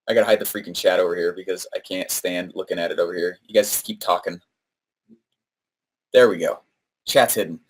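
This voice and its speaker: A man's voice: fairly low pitch, a little hiss or hum. A man coaching on marketing in a live-streamed talk, telling a story with lots of fillers, "right?" tags and acted-out quotes. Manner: animated storytelling, acts out quoted voices; frequent fillers and "right?" tag questions.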